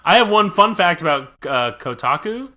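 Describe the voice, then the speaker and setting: A man on a casual gaming podcast, his voice bright and forceful. He jokes, laughs a lot and drifts into rambling asides. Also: on the high side, sing-song, normal speed.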